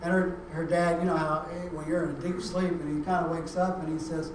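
A middle-aged pastor delivers a sermon in a church sanctuary, slipping from gentle storytelling into loud, emphatic preaching. The voice is distant from the mic and washed in heavy room echo, with a faint ambient hiss behind it, and the delivery is unhurried. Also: medium pitch. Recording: echoey room, mic far off.

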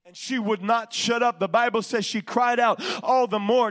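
High-voiced preacher shouting, then hushing. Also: male voice, steady tone, a little fast, few pauses. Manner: swings from shouting to hushed near-whispers. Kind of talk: sermon.

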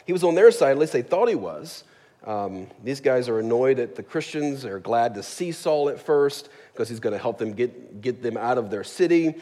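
A man's voice: medium pitch, lively intonation, normal speed, mellow. A man preaching a sermon in a church, in a casual, joking way, often checking in with the congregation. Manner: conversational, jokey, asks the congregation "right?". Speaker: pastor. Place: church sanctuary. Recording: long hall reverb.

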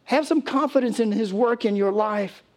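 Male pastor, urgent exhorting sermon delivery, storytelling, fairly high voice. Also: moderate pace, darkish tone. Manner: storytelling, acts out quoted voices.

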